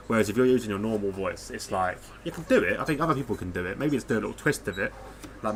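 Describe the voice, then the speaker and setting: Bright-voiced man chatting. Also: fairly low pitch, slight background noise. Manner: swearing, laughing, British slang. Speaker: podcast co-host. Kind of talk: casual podcast chat.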